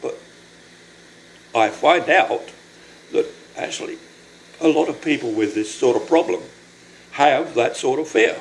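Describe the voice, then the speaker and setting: An older man recording a personal video diary, speaking in a halting, apologetic, emotional way and short of breath from illness. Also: medium pitch, slight background noise, low-quality recording. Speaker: vlogger.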